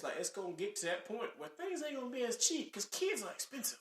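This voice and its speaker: A man co-hosting a casual podcast with a Southern US accent, ranting in an animated, preachy way. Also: extremely high pitch, fast. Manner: animated, preachy rants with mock voices. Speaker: podcast co-host. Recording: echoey room.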